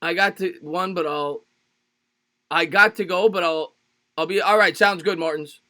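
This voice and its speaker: A man hosting a live sports stream, calling plays in quick bursts, greeting chatters by name and cracking jokes. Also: high voice, sharp tone. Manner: rapid play-by-play calls, greets chatters by name; jokey and loose, repeats phrases. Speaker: livestream sports host. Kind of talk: live play-by-play commentary and chat reading.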